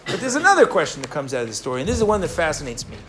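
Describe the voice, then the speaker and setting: In an animated sermon full of stories, a man with a fairly high voice throws questions out to his audience. His speech races, and he often restarts his sentences. A faint background noise runs beneath the recording.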